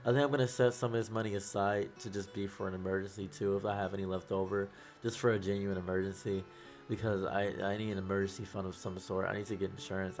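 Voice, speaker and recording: A young man talking to camera in a halting, upset way, close to tears, repeating himself and trailing off. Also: low-pitched, fairly even intonation, soft background music. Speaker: YouTuber. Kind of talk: emotional talk to camera.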